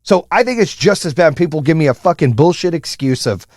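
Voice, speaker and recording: A man's voice: very animated, a little fast, darkish tone, dry recording, clean studio sound. Fired-up profane motivational man. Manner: high-energy, high-strung. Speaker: podcast host. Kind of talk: motivational monologue.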